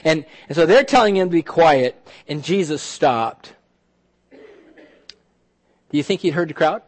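A man preaching a sermon as pastor, animated, often repeating words and dropping to a soft, intense hush. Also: on the high side, unhurried, pauses often.

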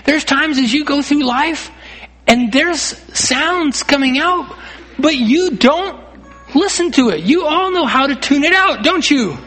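A man's voice: very high-pitched, expressive, unhurried, bright, forceful tone, faint music behind. A man preaching a sermon as pastor, earnest, often repeating himself and rising to emphatic calls. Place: church.

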